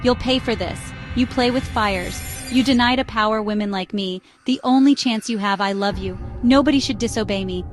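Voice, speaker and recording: A woman's voice: medium pitch, normal speed, few pauses, faint music behind, close to an everyday voice. A woman voicing a rich, jealous young woman who is possessive and scheming, speaking in broken grammar. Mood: threatening. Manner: pleading then threatening, broken grammar.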